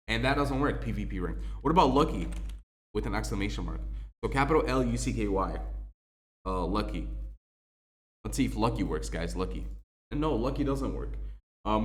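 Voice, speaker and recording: A young man casually testing game codes, spelling them out letter by letter, with many ums and uhs. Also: fairly low pitch. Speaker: gaming YouTuber. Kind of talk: casual game code walkthrough.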